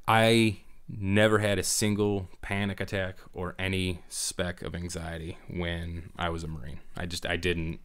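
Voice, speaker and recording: Deep-voiced man telling lively stories. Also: a little slow, clean tone. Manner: animated storyteller, acts out voices, laughs often. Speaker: guest, former Marine drill instructor talking about fatherhood. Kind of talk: casual podcast chat.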